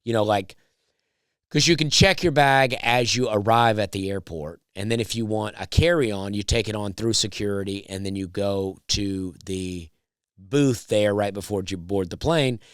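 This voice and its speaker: A man, a stand-up comedian, telling a drawling, deadpan comedy story. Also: fairly low pitch, normal speed, clear, resonant tone, dry recording, clean studio sound.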